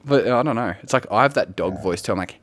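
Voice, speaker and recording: A young man co-hosting a casual couch podcast, telling animated stories, swearing freely and slipping into silly voices. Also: fairly low pitch, quick pace. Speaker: podcast co-host. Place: living room couch, dog nearby.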